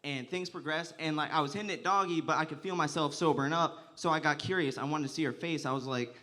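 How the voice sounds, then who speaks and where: A man's voice: on the high side, fast talker, noisy background. A young man performing a stand-up comedy set, telling crude, profane stories and often laughing through his lines.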